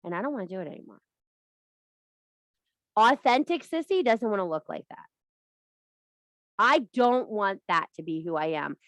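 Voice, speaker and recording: A woman's voice: medium pitch, animated, normal speed, long pauses, a bit bright, no echo. Blunt, swearing woman giving a spiritual talk. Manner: blunt and profane, emphatic repetition. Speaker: witchcraft teacher and live streamer. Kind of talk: casual spiritual pep talk.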